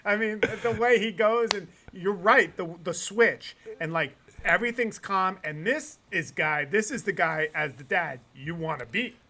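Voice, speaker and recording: High, bright-voiced excitable man. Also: a little slow, few pauses. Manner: excitable, swears freely, laughs often, jumps into loud outbursts. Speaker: podcast co-host. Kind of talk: casual chat.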